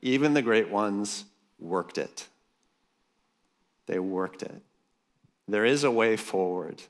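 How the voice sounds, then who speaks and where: Lower-voiced man preaching in a reverberant hall. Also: animated, slow. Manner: emphatic and jokey, calls the crowd for amens. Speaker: pastor speaking at a leaders' conference. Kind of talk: sermon. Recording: long reverb of a large hall.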